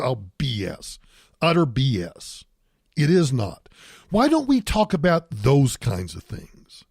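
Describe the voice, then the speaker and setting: Older guy ranting on his talk show, voice sits a bit high, bounces all over. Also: huge pitch swings, a little slow, a little mellow, breathy edge, no room sound, studio quality. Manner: emphatic, repeats points for stress. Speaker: radio talk show host. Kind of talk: opinionated political monologue.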